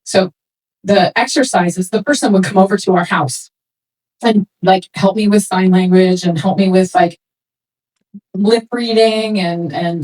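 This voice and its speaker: A woman speaking to a room of swimming parents in a casual, animated way, acting out quoted remarks as she goes. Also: medium pitch, low-quality recording. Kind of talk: talk to a parents' session.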